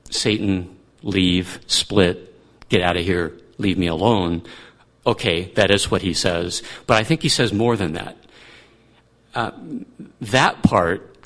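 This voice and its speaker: A man's voice: lowish voice, fairly bright tone. A man teaching through a Bible passage in a conversational way, thinking aloud and restarting his sentences.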